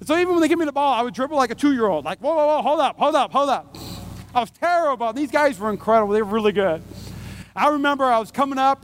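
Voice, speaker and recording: A man preaching a sermon as pastor, telling a funny personal story with lively exclamations and emphatic repeated phrases. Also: extremely high pitch, a little hiss or hum. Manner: animated storyteller, acts out scenes with exclamations; emphatic repetition of key phrases.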